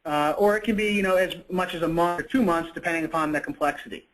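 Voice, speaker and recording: A man presenting in a business webinar with a somewhat high voice. He talks in a loose, conversational way, often saying "you know" and correcting himself partway through sentences. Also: fast, a bit bright, poor audio. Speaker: product presenter.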